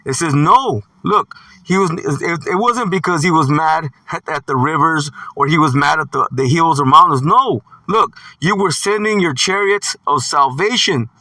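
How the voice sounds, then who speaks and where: A man's voice: a little high, normal speed, sharp tone, no room sound, recorded from a distance. A man preaching a scripture sermon, reading verses aloud and stressing points with "see" and "man". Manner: emphatic, punctuates with "see" and "man".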